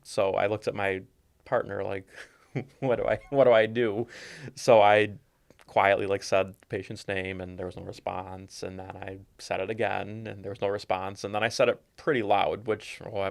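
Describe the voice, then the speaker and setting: A man, an optometrist, calmly recounting a school clinic story on a podcast. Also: low voice, vocal fry. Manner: measured, reflective storytelling with brief listening replies. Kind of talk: podcast conversation.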